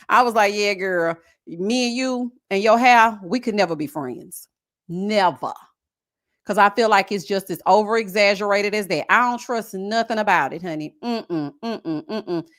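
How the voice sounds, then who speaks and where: Sassy woman with a high voice. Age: adult with a son. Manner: sassy and animated, mocking impressions, frequent "honey". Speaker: live-stream reality show commentator. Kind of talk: casual chat reacting to a reality show.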